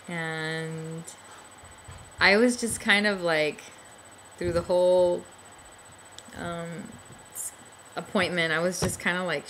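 A woman's voice: on the low side, pushed and bright, a little hiss or hum. A young adult woman telling a personal story to camera in a rambling, chatty way, with lots of fillers and small laughs. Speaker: vlogger.

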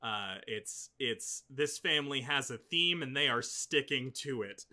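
Bright-voiced unhurried game master man. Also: medium pitch, expressive. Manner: unhurried, many fillers and asides. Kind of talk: narrating a tabletop game.

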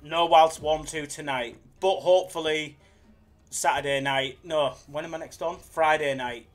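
A man's voice: on the high side, fairly even intonation, a little slow. A young man hosting a casual live stream, joking and reading out viewers' messages. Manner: jokey, chatty, reads chat aloud. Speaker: slots live streamer, host.

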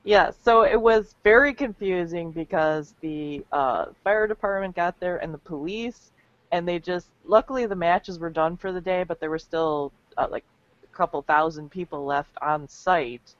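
A woman's voice: on the low side, normal speed, no room sound, highs cut off. A woman co-hosting a casual comedy webcast, chatty and laughing often. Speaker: co-host.

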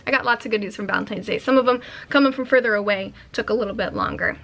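A young woman with a mid-range voice and vocal fry talks fast to camera while opening fan mail. She chats casually, sassy and excitable, and swears freely.

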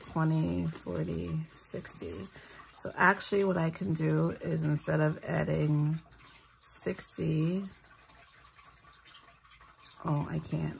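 A woman's voice: sits low, creaky, darkish tone, slight background noise. A tired woman, talking casually while counting out cash for her budget and making self-deprecating asides. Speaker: budgeting vlogger, single mother.

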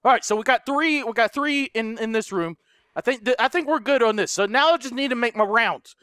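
A man doing let's play commentary, excitable, narrating his moves and shrieking and swearing at scares. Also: very high-pitched, a little fast, smooth, dry recording, studio quality. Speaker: gaming YouTuber.

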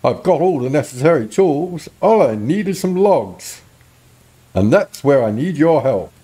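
A man puts on the voice of an anxious middle-aged villager in a medieval video game. He sounds earnest and pleading, pitched a little higher than ordinary talk, with an animated, swooping line and a warm, mellow tone. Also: unhurried, husky, heavily acted. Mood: urgent. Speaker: game character read aloud.

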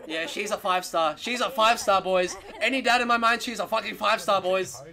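A young man streaming his reaction, shouting, laughing and swearing with excitement, hoarse from yelling. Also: high-pitched, normal speed. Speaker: streamer reacting to a game trailer.

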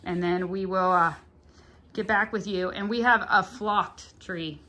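A woman's voice: fairly low pitch, fairly even intonation, a little slow, pushed and bright. A woman with a Southern US accent, chatting casually and a little self-deprecating as she vlogs from her living room. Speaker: vlogger. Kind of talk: casual home vlog.

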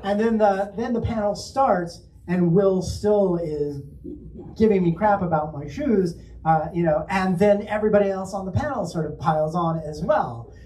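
A man's voice: high-pitched, moderate pace, warm tone. A man telling a funny anecdote and then reading his story aloud with dramatic flair, often breaking into laughter. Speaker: author at a bookstore event. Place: bookstore event room. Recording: echoey room, mic at a distance.

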